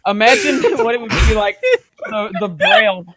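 A man's voice: very high-pitched, sing-song, gravelly, a crowd in the background. A young man giggling and dragging out his words while chatting with friends over a headset. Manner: giggling, drawn-out talk. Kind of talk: casual gaming chat.

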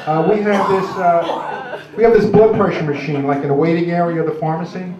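A man's voice: a little high, fairly even intonation, fairly quick, crowd noise. A man doing a crude, rambling stand-up routine on a club stage. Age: 60s. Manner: crude, gruff, rambling with many "uh"s. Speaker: stand-up comic. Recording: roomy, distant, dull club recording.

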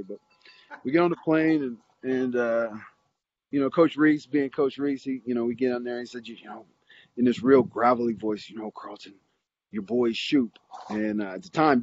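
A man's voice: medium pitch, a little fast, muffled recording, slight background noise. A middle-aged man, a football coach, telling a long rambling story with lots of fillers and restarts. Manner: rambling, animated anecdote with many fillers and restarts. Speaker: interview guest, football coach. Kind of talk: casual storytelling.

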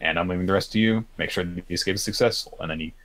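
Casual male podcast co-host, very low voice, rambling filler-heavy retelling. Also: rapid-fire, fairly bright tone. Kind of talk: casual recap chat.

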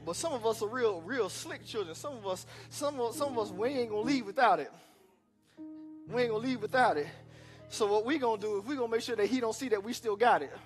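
A male pastor preaching a sermon, repeating lines for emphasis and talking directly to the congregation with quick asides. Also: extremely high pitch, faint music behind. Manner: repetitive preaching, breaks off with asides; conversational, addresses the congregation directly.

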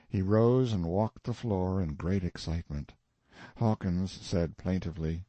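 A man narrating a classic novel as an audiobook, in a measured storytelling manner. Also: sits low, warm tone, dry recording.

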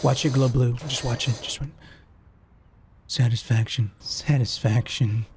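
A man giving casual, joking commentary while playing a cleaning game, excitable and talking to the objects on screen, mixing Spanish words into his English. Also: mid-range voice, fairly quick, background noise. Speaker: gaming video creator.

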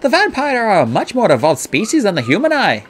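A man's voice: sits high, wildly swooping pitch, fairly quick, slight background noise, pitched above the performer's own voice. A man voicing a blunt female vampire warrior. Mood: dry, blunt. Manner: curt and dry.

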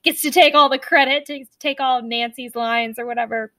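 A woman co-hosting a podcast in casual chat, talking fast and loose with lots of fillers and restarts. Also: high-pitched, steady tone, bright, forceful tone, dry recording. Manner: chatty, many fillers and restarts. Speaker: podcast co-host.

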